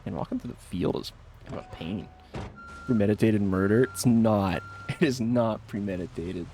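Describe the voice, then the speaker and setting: A man's voice: lowish voice, moderate pace, dark tone, a little hiss or hum. A man giving casual live commentary while playing a game, joking and laughing often. He banters defensively with his chat. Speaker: streamer.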